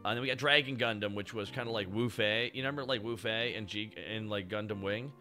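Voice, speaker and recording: A man hosting a casual chat and reviewing robot designs, excitable and rambling, and swearing freely as he goes. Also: lowish voice, fast talker, soft background music. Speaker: show host.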